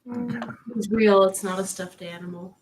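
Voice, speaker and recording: A woman playing in an online tabletop game, chatting casually in an animated, coaxing way. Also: medium pitch, moderate pace, noisy background. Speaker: player.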